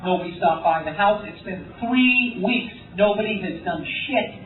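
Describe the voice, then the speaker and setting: A man's voice: sits high, normal speed. A male stand-up comedian telling wry, profane stories in a live routine. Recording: distant, tinny, echoey live room with crowd.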